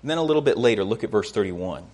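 A man preaching a sermon in an earnest way, often repeating words as he starts a phrase and rising in pitch to stress a point. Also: animated, racing, darkish tone.

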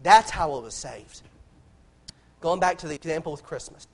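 A man's voice: fairly high pitch, lively intonation, moderate pace. A man preaching a sermon in an impassioned way, repeating phrases and restarting lines as he builds.

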